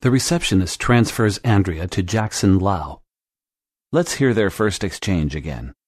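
Deep-voiced man teaching business English. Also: animated, darkish tone, dry recording, studio quality. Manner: clear, measured instructional delivery. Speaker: language teacher. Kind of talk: scripted English lesson narration.

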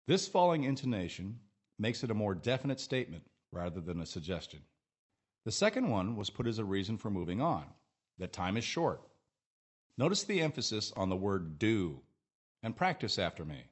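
Male lesson narrator, husky low voice with lively intonation, measured delivery. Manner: clear, measured, modelling phrases for repetition. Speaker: English teacher narrator.

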